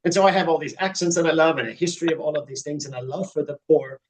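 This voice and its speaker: A man's voice: a little high, very fast, low-quality recording. A middle-aged man, a podcast guest, telling his story in an earnest, reflective way that builds to fervent emphasis. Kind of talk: conversational interview storytelling.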